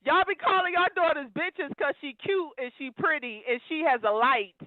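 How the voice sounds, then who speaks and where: A woman's voice comes through a thin, phone-like line, high in pitch and dry with no room sound. She calls in to a live show and lectures listeners in an emphatic, preachy way. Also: normal speed, no room sound. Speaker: call-in caller. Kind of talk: live call-in rant.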